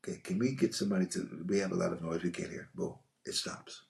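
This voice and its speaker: A man, an actor, telling stories from a film shoot in a casual, animated way, often restarting his sentences. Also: on the low side, a little fast, vocal fry. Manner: animated, rambling, frequent restarts. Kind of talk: casual anecdotal storytelling.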